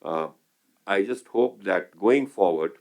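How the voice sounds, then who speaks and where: A deep, low-pitched older man with an Indian English accent gives panel remarks. He talks in a measured way, pausing often and restarting his sentences. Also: lively intonation, darkish tone. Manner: measured, many hesitations and restarts. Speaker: economist panelist.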